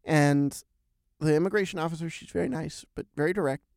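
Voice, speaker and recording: Animated male podcast storyteller, dry sound. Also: a little fast, gravelly, clean tone, no echo. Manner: animated storyteller with big swings in pitch and loudness. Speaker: podcast host. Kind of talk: casual storytelling chat.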